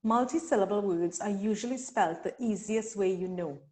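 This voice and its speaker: A woman from Trinidad and Tobago leading a teacher-training webinar, speaking deliberately and sounding out syllables slowly. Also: medium pitch, mellow. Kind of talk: instructional webinar talk.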